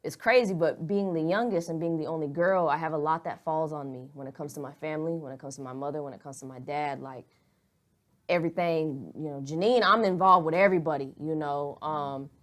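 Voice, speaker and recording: Candid young woman, low-pitched. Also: a little fast. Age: young adult. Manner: candid, rambling, earnest, swears freely. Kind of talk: casual podcast chat.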